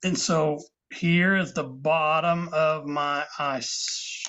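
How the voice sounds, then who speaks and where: Man, woodcarving instructor, slightly high voice, patient step-by-step explaining, live online class, muffled lo-fi call audio. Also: steady tone, slow, sharp tone, a little hiss or hum. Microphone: video call. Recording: dull lo-fi video call audio.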